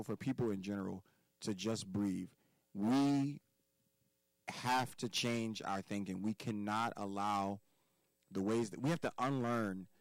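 Man, low-pitched voice, from Philadelphia, podcast guest, preachy and emphatic, swears a lot, dry studio sound. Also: no room sound, rough recording. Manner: emphatic, profane and preachy, repeats key words. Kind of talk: casual podcast conversation.

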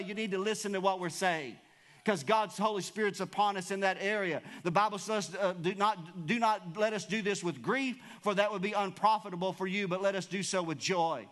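High-voiced preaching pastor. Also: male voice, fairly bright tone. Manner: preachy, emphatic, calls out to congregation. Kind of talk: sermon.

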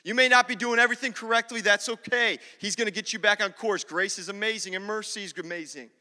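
A man with a high, very bright and sharp voice preaches in a church, mixing humor into his sermon and calling out to the congregation. His words ring out with a long reverb through the hall. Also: fast talker. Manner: humorous, talks directly to the congregation. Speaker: pastor. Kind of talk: sermon with personal storytelling.

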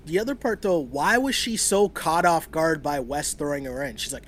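A man's voice: a little high, normal speed, few pauses, a bit bright, a little hiss or hum. A man in his thirties co-hosting a casual chat, rambling through a theory with frequent laughs. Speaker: podcast co-host. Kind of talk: casual chat about a reality show.

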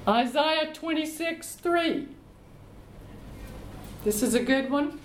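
A woman leading a Bible study, reading scripture aloud and explaining it in a slow, deliberate way. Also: high-pitched, slight background noise. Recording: echoey room.

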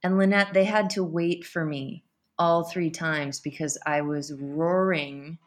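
Guest, female, low voice, heartfelt storyteller who laughs easily. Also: measured pace. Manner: emotional, animated storytelling with laughs. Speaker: podcast guest. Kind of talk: personal storytelling interview.

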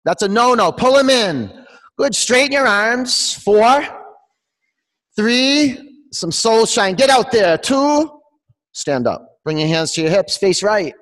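A man's voice: sits high, animated, takes it slowly, a bit bright, long reverb tail. A man teaching a live yoga class, calling out poses and counting breaths, joking with his students by name. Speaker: yoga instructor. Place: yoga studio, large room.

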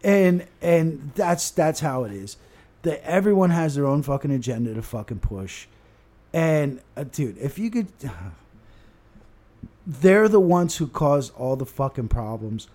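A man's voice: fairly high pitch, animated, takes it slowly, darkish tone. A man in casual chat, talking bluntly and emphatically with plenty of swearing.

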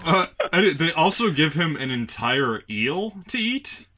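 A man narrates a strange tale to his co-host in loose, chatty talk, breaking into laughter as he goes. His voice is bright and forceful, slightly high for a man, and it rises and falls a great deal. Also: a little slow, slight background noise. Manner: laughs often mid-sentence, profane, lively storyteller. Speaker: podcast host telling a history story. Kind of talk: casual storytelling chat.

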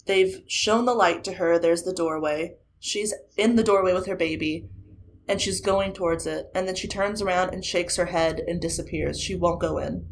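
A woman's voice: on the low side, normal speed, slight background noise. A woman casually retelling a ghost story to a friend, acting out the quotes as she goes. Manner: animated retelling with acted quotes. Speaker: podcast co-host retelling a ghost show.

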